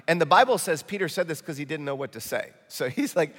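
A male pastor from Michigan with a Midwestern accent, preaching a lively, joking sermon in a church. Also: a little high, brisk, few pauses. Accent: Midwestern American. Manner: animated, jokey storytelling preacher. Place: church auditorium. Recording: reverberant church hall.

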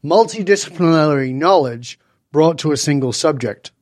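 A man in his sixties from Northern England, a guest telling stories in conversation and acting out the dialogue with lively voice changes. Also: fairly high pitch, normal speed, no echo, studio quality. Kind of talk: animated storytelling in conversation.

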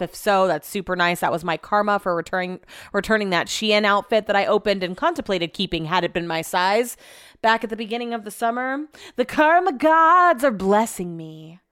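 A young woman with a smooth, clear voice rambles through everyday stories in a loose, chatty way and swears freely. The sound is close and dry, with no room around her. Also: medium pitch, fairly bright tone, dry recording. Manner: rambling, profane storytelling. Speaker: radio show host. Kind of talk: casual chat monologue.

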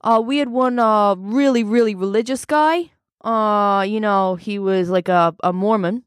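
A woman's voice: mid-range voice, measured pace, clear, resonant tone, dry recording, studio quality, close to an everyday voice. A woman playing a brash, boastful American male self-help mentor who rambles with many fillers. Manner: rambling, cocky, full of fillers. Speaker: studio guest. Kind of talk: improvised comedy role-play.

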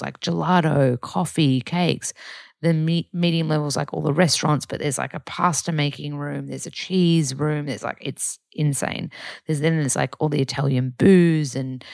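Aussie girl rambling on her pod, deep-ish voice, lots of fry, bouncy and chatty. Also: no echo, studio quality. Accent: Australian. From Australia. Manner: chatty, upbeat, rambling with many fillers. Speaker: podcast host and yoga teacher. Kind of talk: casual diary chat.

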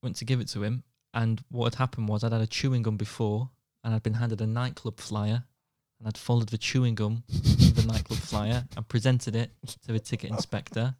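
A man's voice: fairly low pitch, little pitch movement, fairly quick, few pauses, dark tone, no room sound, studio quality. A young man, co-hosting a podcast and telling a rambling anecdote, acting out quotes between laughs. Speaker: podcast co-host. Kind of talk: casual storytelling chat.

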